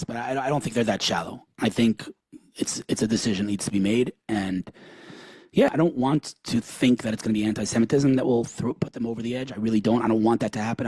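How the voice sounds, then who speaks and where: Fast-talking husky man, earnest host. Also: medium pitch, mellow, dry recording. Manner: fast, earnest, restarts often, acts out quotes. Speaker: podcast host. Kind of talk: impassioned discussion.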